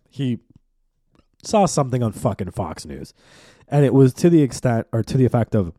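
A young man rants alone on his podcast, cursing freely and piling on fillers. His voice is low and mellow. It sits dry and close to the mic. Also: dry recording. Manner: profane, animated rant with lots of fillers. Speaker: podcast host. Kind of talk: solo podcast monologue.

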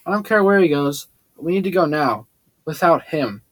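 A man's voice: on the high side, expressive, moderate pace, no echo, low-quality recording. A man voicing a blunt, decisive teenage girl who speaks curtly and firmly.

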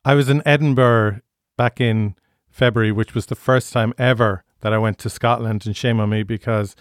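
A man hosting a podcast and interviewing his guest in a friendly way. He laughs along with the guest. His voice sits at a middle pitch and sounds dry and close to the mic. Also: steady tone, moderate pace, dry recording. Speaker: podcast host.

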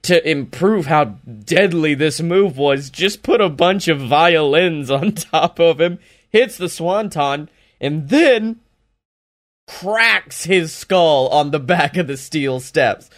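A man's voice: on the high side, slow pace. A man giving a casual, sarcastic recap of a wrestling show, laughing as he mocks it. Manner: sarcastic, mocking, laughs while talking.

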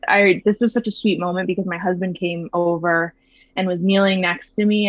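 A woman in her thirties telling her own birth story in a soft, reflective way, with lots of fillers and restarts. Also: lowish voice, no echo. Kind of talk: casual personal storytelling. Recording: slightly dull, dry sound.

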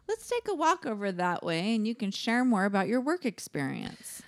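A woman's voice: medium pitch, big pitch swings, normal speed, no room sound. A woman reading the part of a polite, businesslike male job interviewer. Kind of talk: reading a comedy script aloud.

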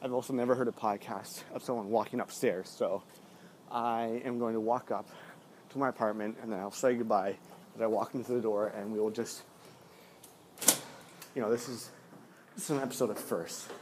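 A man's voice: fairly low pitch, steady tone, moderate pace, long pauses. Rambling man podcasting on a walk. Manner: rambling, chatty, self-mocking. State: out of breath. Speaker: podcast host. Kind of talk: walking podcast monologue. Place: city streets outdoors, then stairwell. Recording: noisy street recording. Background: street traffic and clicks.

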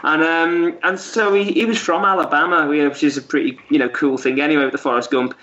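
A man's voice: fairly high pitch, steady tone, fairly quick, bright, forceful tone. A man, a guest, telling a story in a casual, rambling way with lots of fillers and restarts. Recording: dull lo-fi audio.

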